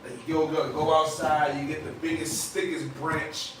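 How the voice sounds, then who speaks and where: A man's voice: on the high side, flat delivery, moderate pace, background noise. A young man teaching a small Bible study group in a loose, conversational way, often tagging his points with "man" and "right?". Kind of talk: casual Bible study talk. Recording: echoey room from far off.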